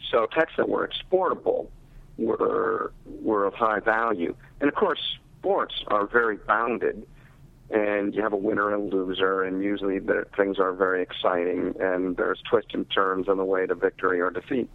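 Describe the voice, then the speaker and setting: Gravelly-voiced researcher, measured and explanatory, heard over a tinny phone line. Low male voice. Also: steady tone, no echo. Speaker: literacy researcher and teacher.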